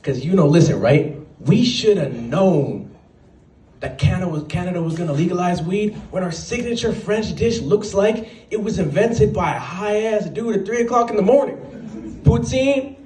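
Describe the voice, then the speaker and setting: Man doing stand-up in a roomy venue. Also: sits high. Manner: animated storytelling with quick asides and put-on voices. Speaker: stand-up comedian. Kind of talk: stand-up set at an open mic. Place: small venue at an open mic night. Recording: roomy sound, voice from a distance, faint background.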